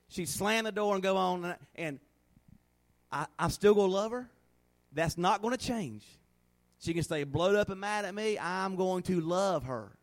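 Man, high voice, folksy animated sermon, middle-aged pastor. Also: unhurried. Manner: folksy and animated, acting out little scenes in a hushed voice.

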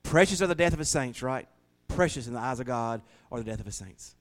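A man's voice: medium pitch, lively intonation, fast. A man preaching a folksy, joking sermon in a small church, laughing often. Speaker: pastor.

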